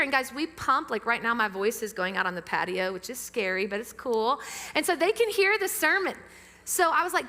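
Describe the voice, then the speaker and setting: A woman pastor preaching a sermon to a church congregation, lively and engaging them with questions. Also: fairly high pitch, fairly quick. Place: church sanctuary with amplified sound. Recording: long reverb of a church hall.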